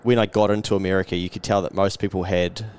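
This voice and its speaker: A man's voice: deep voice, level tone, fast talker, darkish tone, clean tone. A man with a New Zealand accent hosting a podcast, telling travel stories in casual chat and acting out what people said. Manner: storytelling, acting out quotes, frequent mate and fillers. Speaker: podcast host.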